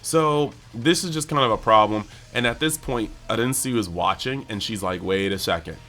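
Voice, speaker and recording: A man hosting a casual anime episode breakdown, talking excitably and peppering his speech with "like". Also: medium pitch, normal speed, faint music behind. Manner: excitable, heavy use of "like". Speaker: anime channel host.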